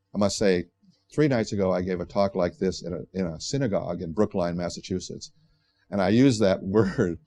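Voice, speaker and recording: A man's voice: low-pitched, a little mellow. An older man giving a bookstore book talk, telling a story in a conversational, digressive way with frequent restarts. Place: bookstore event space.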